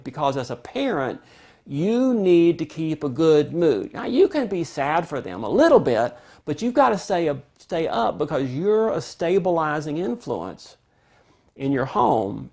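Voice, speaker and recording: A man teaching a parenting lesson, calmly explaining and acting out what parents and kids say. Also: fairly high pitch, vocal fry. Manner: calm, explanatory, acts out parent and child quotes. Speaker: parenting instructor.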